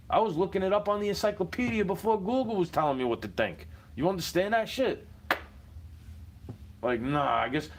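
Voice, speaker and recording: A man, rambling in a profane casual monologue full of street slang. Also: fairly high pitch.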